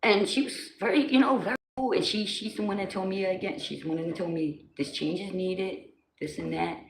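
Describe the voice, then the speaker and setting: A woman's voice: mid-range voice, fairly even intonation, a little fast. A woman in her forties with a New Jersey accent, hosting a casual livestream and chatting loosely with her viewers, greeting them by name in slangy talk. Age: 40s. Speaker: livestream host. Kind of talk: casual live-stream chat. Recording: roomy with faint background noise.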